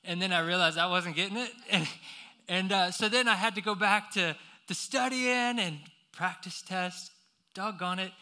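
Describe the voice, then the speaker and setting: Bright high-voiced man preaching slowly. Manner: animated storytelling, many fillers and restarts. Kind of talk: sermon with personal story.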